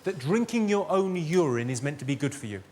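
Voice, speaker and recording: A man doing stand-up comedy, delivering deadpan one-liners and bantering with the crowd in a large theatre. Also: fairly high pitch, fairly quick, noisy background. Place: large theatre with live audience. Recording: loud audience laughter behind.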